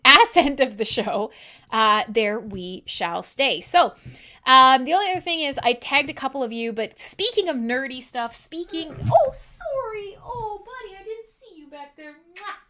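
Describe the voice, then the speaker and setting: A woman hosts a live metal radio stream in loose, rambling chat. Her voice sits a little high and has a bright, sharp edge. She is irreverent and swears easily. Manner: talks to her dog in a soft coo. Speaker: metal radio show host.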